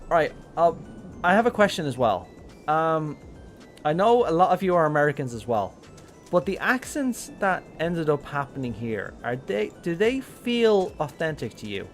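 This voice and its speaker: An Irish man chats his way through a live game stream, thinking aloud and trailing into ums. His pitch sits in a middle register but moves around a lot. Faint music plays quietly behind him. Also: big pitch swings, moderate pace. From Ireland. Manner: chatty, rambling, thinking aloud with many ums. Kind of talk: casual live-stream gameplay commentary.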